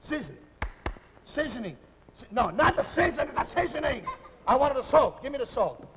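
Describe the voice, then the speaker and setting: A boisterous mock-Italian cook. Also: male voice, very high-pitched, moderate pace, crowd noise, exaggerated voice. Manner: broken English mixed with Italian-sounding double-talk, excitable. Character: boisterous middle-aged male Italian cook. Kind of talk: live TV comedy sketch. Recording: scratchy hissy 1949 television recording.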